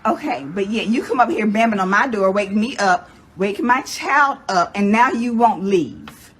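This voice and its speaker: A woman's voice: medium pitch, expressive, normal speed, fairly bright tone. A woman arguing in an exasperated, indignant way at her own door. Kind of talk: heated doorstep argument.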